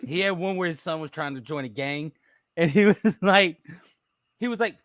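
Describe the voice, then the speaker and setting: A man's voice: a little high, fairly quick, a bit bright, no echo, studio quality. A man chatting casually on a podcast, telling stories animatedly and acting out what other people said, often laughing. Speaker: podcast co-host. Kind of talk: casual chat.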